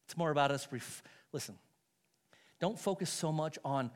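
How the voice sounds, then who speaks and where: A man's voice: fairly high pitch, animated, normal speed. A middle-aged man preaching a sermon as pastor, telling stories with self-mocking humor and frequent laughs.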